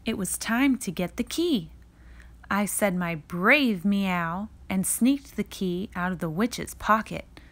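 A woman reading a children's picture book aloud in a slow, expressive read-aloud manner. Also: mid-range voice. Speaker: reader.

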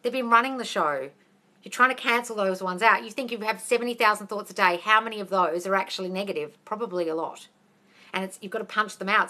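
Australian woman, bright voice, blunt and sweary live Q&A host who calls people darling. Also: mid-range voice. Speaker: manifesting coach hosting a live Q&A. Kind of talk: casual live Q&A.

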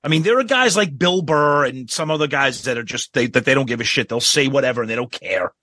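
A middle-aged man co-hosting a casual podcast chat. He talks with eager enthusiasm and agrees quickly. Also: mid-range voice, expressive, sharp tone, no echo. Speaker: podcast co-host.

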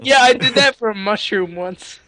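High-voiced cheeky man on a game call. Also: normal speed, crowd noise. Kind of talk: casual gaming chat.

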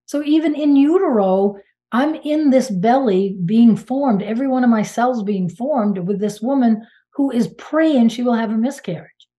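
A woman from Maine in her sixties, a guest medium telling her story in a casual interview, animated and emphatic with exclamations and restarts. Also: on the high side, normal speed. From Maine, United States.

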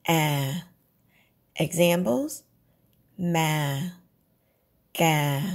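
A woman narrates a scripted lesson, taking her time over every phrase. Her voice has a gravelly fry and a husky grain. She demonstrates each sound on its own, one syllable at a time. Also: fairly low pitch, warm tone. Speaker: language teacher.

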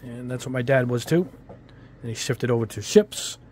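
A medium-pitched, somewhat mellow voice at a moderate pace, with a little hiss or hum in the recording. The speaker is a model-kit YouTuber at his hobby bench, casually reviewing a product in a rambling manner, heavy on fillers and chatty asides, with a New England accent touched by Italian-American speech.

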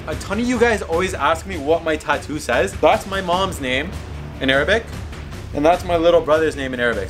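A young adult man hosting a casual unboxing vlog, excitable, reacting loudly and swearing. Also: mid-range voice. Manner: excitable, swears and yelps when hurt. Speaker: YouTube host.

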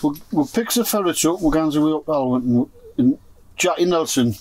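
This pigeon fancier, a Geordie from North East England, speaks a little fast in a fairly high, animated, darkish voice with slight hiss or hum. Telling his friends a long story in the loft, he curses constantly and voices other people's lines.

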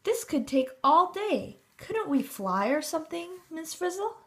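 A woman's voice: very high-pitched, big pitch swings, measured pace, pitched above the performer's own voice, full character voice. A woman voicing a worried schoolboy who grumbles, in a storybook reading.

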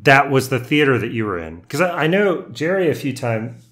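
A man's voice: mid-range voice, big pitch swings, fairly quick, a bit bright. A man hosting a casual interview, reacting briefly and asking loose, rambling questions. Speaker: host, interviewer.

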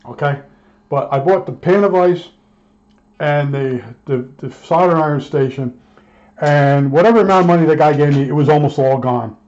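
A man tells a casual, rambling story about his work as an electronics technician, slipping into the back-and-forth of old arguments. His voice sits a touch high for a man. The recording sounds dull and lo-fi. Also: normal speed, a little mellow. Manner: rambling, acts out both sides of old arguments.

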